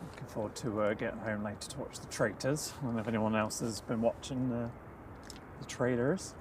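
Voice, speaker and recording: A man's voice: mid-range voice, fairly even intonation, fairly quick, recorded from a distance, noisy background. A man co-hosting a casual live plane spotting stream outdoors, chatting and reading out flight details. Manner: chatty, self-deprecating, reads flight details. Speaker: plane spotting livestream co-host. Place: outdoors at an airport, walking through mud.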